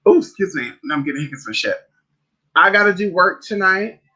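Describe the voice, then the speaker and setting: A man's voice: a little fast, slightly rough. A man livestreaming as a spiritual advisor, chatting casually and sassily with viewers, calling them honey and girl. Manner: animated storyteller with big pitch swings.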